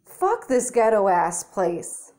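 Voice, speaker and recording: Taking it slowly with a warm, sing-song, mid-range voice, a young woman delivers an angry rant to her phone camera in her apartment. The vlog is profane, blunt and exasperated, shot handheld.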